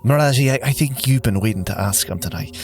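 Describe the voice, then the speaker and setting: A man's voice: medium pitch, quick pace, vocal fry, faint music behind. A man playing a tabletop game, teasing and sarcastic in his remarks. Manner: wry, teasing, playful sarcasm. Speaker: player. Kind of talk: casual tabletop play.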